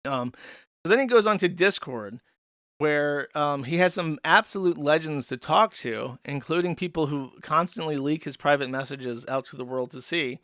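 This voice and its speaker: A man's voice: a little high, normal speed, fairly bright tone, dry recording, clean studio sound. A man hosting a stream commentary, ranting sarcastically with lots of swearing and filler words. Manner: profane, sarcastic, frequent fillers. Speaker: commentary host.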